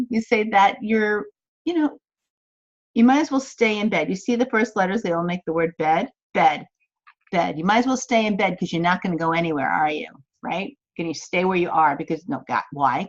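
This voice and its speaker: A woman's voice: mid-range voice, highs cut off. A woman, a business coach, teaching an online course in a chatty, encouraging way from her office, acting out the thoughts she quotes.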